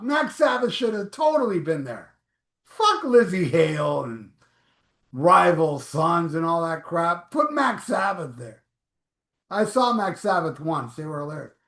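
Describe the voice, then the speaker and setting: A man's voice: high-pitched, a bit bright, roomy sound. A man hosting a live stream, reading viewer comments aloud in a blunt, offhand, profane way. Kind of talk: casual live chat.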